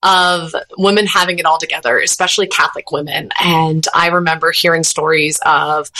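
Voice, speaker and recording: A woman in her thirties with a bright, forward voice talks freely as an interview guest. She is chatty and unfiltered and works her thoughts out aloud as she speaks. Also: deep voice, fairly even intonation, fairly quick, hardly any pauses, poor audio. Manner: talkative, unfiltered, thinks out loud. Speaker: podcast host and ministry founder, guest. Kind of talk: casual interview chat.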